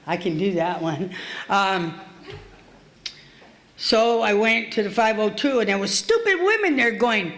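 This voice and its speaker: A woman's voice: a little high, expressive, measured pace, long pauses, fairly bright tone. A middle-aged woman speaking at a recovery meeting, telling her story in a blunt, streetwise, profane way. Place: meeting hall.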